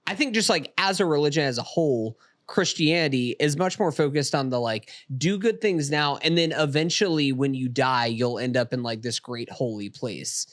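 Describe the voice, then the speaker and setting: A man's voice: medium pitch, normal speed, few pauses, no room sound, clean studio sound. A man hosting a casual film podcast, talking earnestly and circling back on his thoughts. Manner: earnest, rambling, restarts a lot. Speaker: podcast host.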